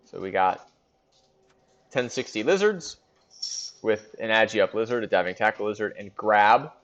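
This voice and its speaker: A man's voice: lowish voice, expressive, moderate pace, fairly bright tone, lo-fi sound, soft background music. A man hosting a casual recap of a league in a fantasy sports board game, chatting and thinking aloud with fillers.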